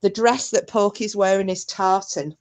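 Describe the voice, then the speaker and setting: A woman's voice: medium pitch, fairly even intonation, normal speed, darkish tone. A woman hosting a livestream, chatting casually, swearing freely and reading out viewer comments. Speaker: livestream host. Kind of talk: casual chat.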